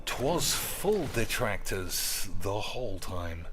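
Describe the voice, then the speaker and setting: A man's voice: on the low side, sing-song, slow pace, music in the background. A man giving crude, ranting, mock-boastful commentary over his own gameplay. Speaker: gaming streamer.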